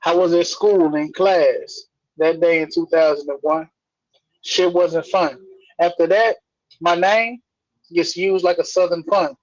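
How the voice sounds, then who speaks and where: A man's voice: on the high side, steady tone, a little slow, no room sound. A man reading spoken word poetry on a livestream, blunt and rhythmic. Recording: dry, dull lo-fi stream audio.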